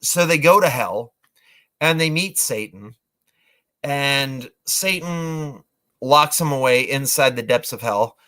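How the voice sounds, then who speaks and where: A man's voice: medium pitch, animated, slow, bright, forceful tone. A man retelling a movie plot casually, rambling with lots of fillers and acting out lines. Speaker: movie reviewer.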